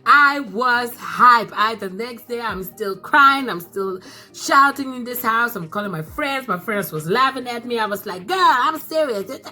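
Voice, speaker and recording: Excitable woman with a bright voice. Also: a little high, measured pace, faint music behind. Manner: excitable, repeats phrases, bursts of laughter. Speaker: mukbang vlogger. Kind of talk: casual chat to camera.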